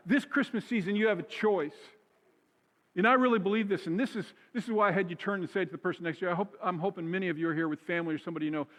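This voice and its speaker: Male pastor, high-pitched, conversational sermon delivery, church hall reverb. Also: a bit bright. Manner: conversational preaching, repeats key phrases for emphasis. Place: church sanctuary.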